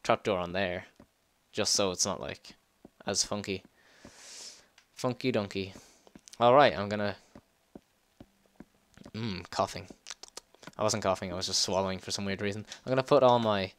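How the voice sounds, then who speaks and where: A man giving casual gameplay commentary, excitable, swearing and laughing as he plays. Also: fairly low pitch, no echo. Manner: excitable, swears and laughs, quick yelps when startled. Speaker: let's play gamer.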